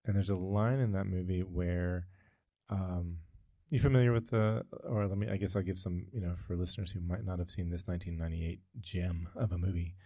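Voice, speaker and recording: A man's voice: low voice, fairly even intonation, fairly quick, mellow, no echo, studio quality. A man co-hosting a casual podcast, telling a long story with frequent tangents and fillers. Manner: rambling, goes off on tangents, many fillers. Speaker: podcast co-host.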